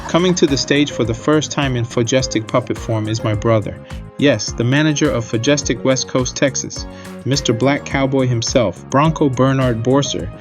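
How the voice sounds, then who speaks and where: A man's voice: mid-range voice, moderate pace. A man hosting a comedy show, introducing the next act in an upbeat announcer manner. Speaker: show host. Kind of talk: stage introduction. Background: music.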